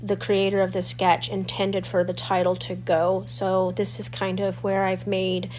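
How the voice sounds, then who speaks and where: A woman's voice: medium pitch, monotone, a little slow, darkish tone. A woman in her forties with a stuffy, slightly crackly voice from a cold, chatting through the steps of a scrapbooking tutorial. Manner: chatty and explanatory, walking through each step. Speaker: scrapbooking channel host. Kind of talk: crafting tutorial voice-over.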